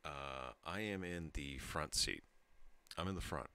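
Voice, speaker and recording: A man's voice: a bass voice, unhurried, sharp tone, clean tone, dry recording. A tipsy man in his thirties telling a rambling story to his channel, laughing and breaking off mid-sentence. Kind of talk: casual storytelling monologue.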